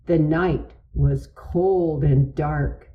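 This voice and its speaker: Very slow, gentle woman storyteller. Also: sits low, steady tone, narrow, tinny audio. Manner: gentle, deliberate read-aloud delivery. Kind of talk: children's story read aloud.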